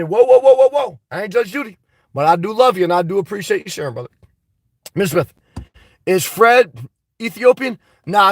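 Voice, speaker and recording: A vlogger reads live chat on a stream, answering viewers' comments in a boisterous, blunt, profane way. His high-pitched, slightly bright voice sounds a little congested, and there's no echo.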